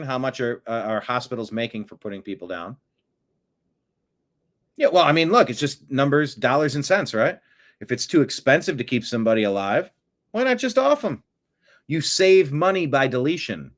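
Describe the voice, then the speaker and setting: A middle-aged man hosting an online political commentary show, blunt and sarcastic with rambling asides. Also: mid-range voice.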